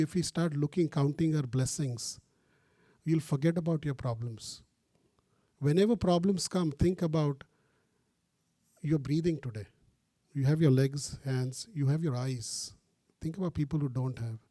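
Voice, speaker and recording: A man's voice: a little high, normal speed, no echo. A man, a priest giving a retreat talk, telling a story animatedly and acting out the dialogue. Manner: animated, acts out phone dialogue, mixes in Hindi phrases. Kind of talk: storytelling sermon.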